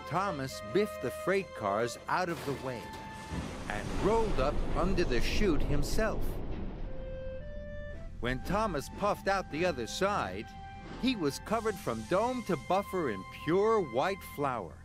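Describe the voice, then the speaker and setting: A man narrating a children's story in an expressive storybook style. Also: a little high. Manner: slow, expressive. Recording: music bed underneath. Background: music.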